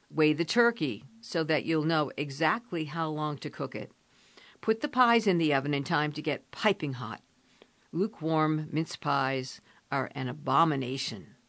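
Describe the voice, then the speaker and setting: A woman reading aloud, voicing a calm, practical young woman who gives steady, careful advice. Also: low-pitched, vocal fry, exaggerated voice. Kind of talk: audiobook character reading.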